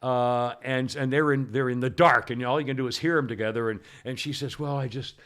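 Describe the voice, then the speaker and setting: A man's voice: medium pitch, fairly even intonation, fairly quick, fairly bright tone. An older man hosting a podcast, telling long rambling stories in casual chat and laughing often. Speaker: podcast host.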